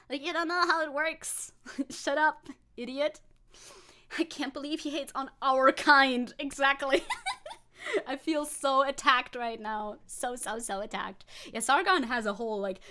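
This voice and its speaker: Vtuber girl reacting on stream, laughs a lot, bit high pitched, snarky. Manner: giggly, sarcastic, animated. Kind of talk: casual reaction stream chat.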